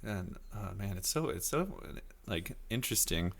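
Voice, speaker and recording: Bright-voiced man rambling on his podcast. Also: very animated, moderate pace, gravelly. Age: 30s. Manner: rambling, acts out quoted voices in high silly tones. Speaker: podcast host. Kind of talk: casual solo podcast talk.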